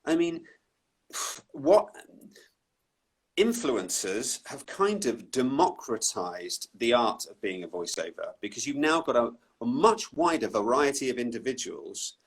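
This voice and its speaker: Husky-voiced man in easy conversation. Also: medium pitch, sing-song, measured pace. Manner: thoughtful, self-deprecating, trailing restarts. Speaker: voice-over artist, guest. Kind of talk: relaxed conversational interview. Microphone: online live video call.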